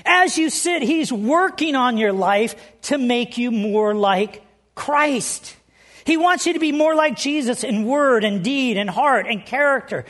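A woman's voice: on the high side, animated, measured pace, fairly bright tone. A woman preaching a sermon in a conversational storytelling way, asking the congregation questions. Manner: conversational, storytelling, asks the audience. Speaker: pastor.

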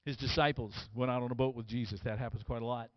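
A man preaching a sermon, moving from quiet, hushed storytelling to loud, emphatic lines, and acting out the quoted voices with dramatic emphasis. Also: medium pitch, steady tone, quick pace, no echo, muffled recording. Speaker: pastor.

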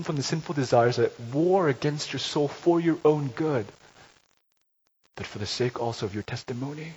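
A man preaching a sermon, telling a story and rising to loud, emphatic peaks. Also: mid-range voice, animated, normal speed, husky. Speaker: pastor. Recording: dull lo-fi recording with faint hiss.

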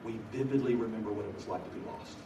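Recorded from afar in an echoey large room at a college gathering, a middle-aged man delivers a sermon through energetic stories punctuated by bursts of excitement. He talks fast in a lowish voice, with faint ambience and background noise.

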